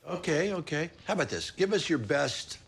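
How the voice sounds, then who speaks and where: An actor playing a gruff, dry-humored Santa in a series clip, teasing with a deadpan edge. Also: male voice, a little high, moderate pace, full character voice. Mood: wry. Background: music score.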